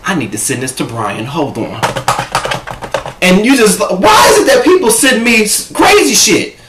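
A man vlogging a casual reaction-video rant from home, sassy, profane and animated, talking to his own camera. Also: high-pitched, normal speed, heavy background noise. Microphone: camera set up in front of him. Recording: echoey room.

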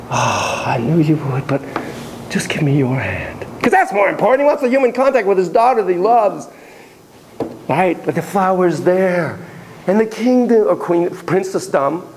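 Man, psychotherapy lecturer, high voice, theatrical classroom storytelling, gasps and whispers. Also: slight background noise, rough recording. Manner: animated and theatrical, with gasps, laughs and drops to a whisper.

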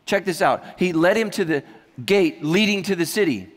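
Joking pastor preaching in a reverberant hall. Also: male voice, sits high, normal speed. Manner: humorous, animated storytelling with asides. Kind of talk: sermon.

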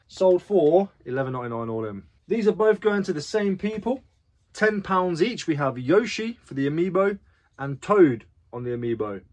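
A man with a voice of middling pitch chats casually to his viewers in a vlog. He talks to them directly and pokes fun at himself as he goes. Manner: chatty, self-deprecating, talks to viewers directly. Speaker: reseller vlogger.

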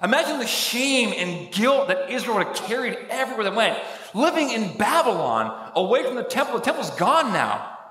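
A male pastor preaching an impassioned sermon with dramatic pauses, in a church. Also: high-pitched, very animated, bright, forceful tone. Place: church sanctuary. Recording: echoey church hall with faint music.

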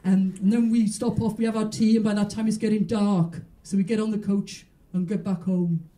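A woman's voice: medium pitch, fairly even intonation, moderate pace, mellow, far from the mic, natural voice. Woman putting on a weary Welsh granny. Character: weary older Welsh grandmother.

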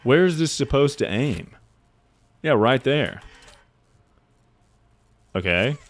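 A man's voice: mid-range voice, expressive, takes it slowly, faint music behind. A man streaming a game while drinking, tipsy, rambling and swearing as he chats and laughs. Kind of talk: casual game-stream chatter.

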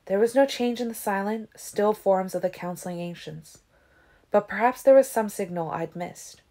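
A woman reading a novel aloud in a calm, even narration. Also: medium pitch, normal speed. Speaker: audiobook reader.

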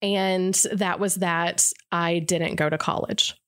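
A woman's voice: fairly low pitch, fairly even intonation, takes it slowly. A woman in her forties, a radio co-host, telling her life story in an earnest, reflective way, with many fillers. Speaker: radio morning show co-host as interview guest. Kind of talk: candid personal interview.

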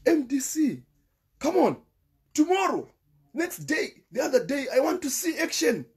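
A man's voice: very high-pitched, big pitch swings, measured pace. A Zimbabwean man giving impassioned political commentary, emphatic and repetitive, mixing English with Shona.

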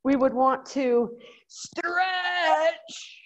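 A woman's voice: high voice, very slow, poor audio. A middle-aged woman with a Southern US accent, leading a workout class in a bubbly, playful way. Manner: bubbly, playful, with little sound effects and laughs. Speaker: fitness instructor. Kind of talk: guided workout instruction.

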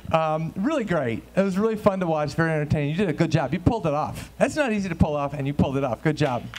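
Guy judging a dance show, talks fast, kinda high voice, jokey. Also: lively intonation, a little mellow. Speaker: judge. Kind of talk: live event commentary.

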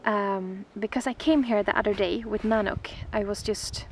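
A Swedish woman vlogging outdoors on a frozen lake, speaking in a gentle, dreamy, excitable way that sometimes drops softly toward a whisper. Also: mid-range voice, moderate pace, slight background noise, poor audio. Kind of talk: casual vlog talk to camera.

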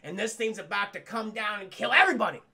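A man's voice: sits high, lively intonation, quick pace, pushed and bright, slightly rough. A man streaming a casual film recap, rambling and swearing while constantly addressing his chat.

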